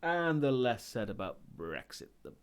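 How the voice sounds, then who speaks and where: Chatty Welsh man, lively pitch. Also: moderate pace. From Wales. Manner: chatty, wry, self-correcting asides. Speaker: streamer. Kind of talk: casual chat reading live chat.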